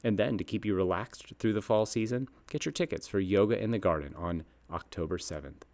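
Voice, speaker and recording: Deep-voiced man telling a folksy garden story. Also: brisk, a little mellow. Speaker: garden nursery host. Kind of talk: scripted read-aloud column.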